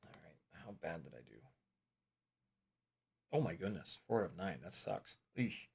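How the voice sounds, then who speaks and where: A man's voice: sits low, very animated, unhurried, gravelly, husky. A man teaching English, reading his course notes aloud in a casual study vlog, thinking aloud and muttering self-mocking remarks as he checks his answers.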